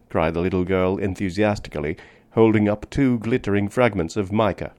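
A man narrating a book in a measured, deliberate reading. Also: on the low side, steady tone, a little mellow. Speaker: audiobook narrator. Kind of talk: scripted narration.

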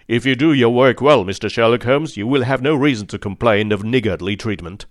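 A man's voice: on the low side, lively intonation, moderate pace, no echo, studio quality. A man voicing a stern, proud aged male nobleman who speaks in a stately, impatient way.

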